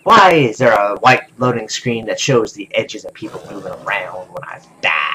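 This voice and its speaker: Calm, muttering young gamer man. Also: fairly low pitch, moderate pace, hardly any pauses, a little hiss or hum, low-quality recording. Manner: calm, talks to himself, many "okay"s. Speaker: gaming video host. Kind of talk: let's play commentary.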